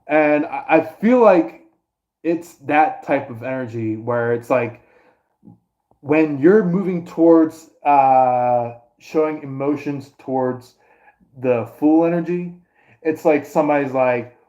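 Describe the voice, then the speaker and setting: A man's voice: on the high side, slow pace, darkish tone, dull audio. A man doing a casual astrology reading to his viewers, rambling with many fillers and restarts. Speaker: astrology and tarot reader.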